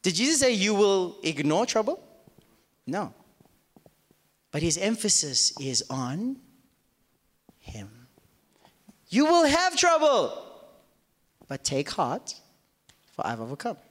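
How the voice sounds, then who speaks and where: A man preaches slowly in a slightly high, sing-song voice, pausing at length. He's a pastor delivering a sermon to a live congregation in a church auditorium, throwing rhetorical questions at them and acting out their doubts in quoted voices, all echoing through the reverberant hall.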